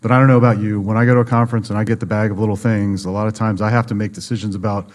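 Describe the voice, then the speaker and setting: A man's voice: lowish voice, little pitch movement, racing. A man guesting on a podcast, explaining publishing in a conversational way and acting out the people in his stories. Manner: storytelling, acts out quoted dialogue. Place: conference venue.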